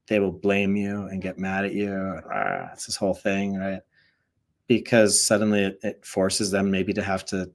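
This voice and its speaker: A young man with a slightly low voice talks casually as a spiritual teacher. His delivery is loose and rambling, full of "like" and "you know" as he shares a story and draws a lesson from it.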